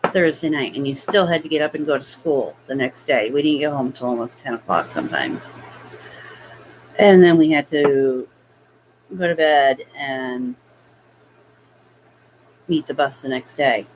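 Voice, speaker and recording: Woman vlogger, low voice, slow halting storytelling, faint noise behind. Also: lively intonation, rough recording. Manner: slow, hesitant, halting with fillers. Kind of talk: personal storytelling.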